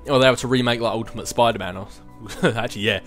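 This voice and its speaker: A man's voice: medium pitch, rapid-fire, a bit bright, soft background music. A young man in his twenties hosting a casual vlog and answering viewer questions in a rambling, chatty way, with self-mocking asides. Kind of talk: casual chat.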